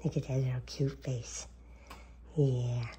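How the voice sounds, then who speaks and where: Speaking in a bass voice with a level tone, a woman talks slowly and warmly to her cats, cooing and sometimes whispering in sing-song baby talk. She is filming them at home, seated at a table with coffee, and there is a little hiss or hum in the recording.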